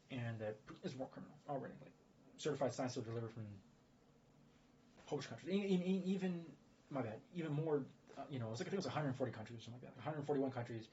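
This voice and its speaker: A man's voice: medium pitch, a little mellow. A man giving rambling casual commentary, full of fillers and restarts. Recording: dull lo-fi audio with faint noise.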